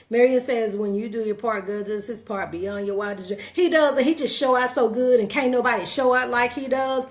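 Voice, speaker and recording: Animated motivational woman, a bit high. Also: fairly quick, hardly any pauses. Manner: folksy, preachy, animated storytelling. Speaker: motivational vlogger. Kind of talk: casual motivational talk.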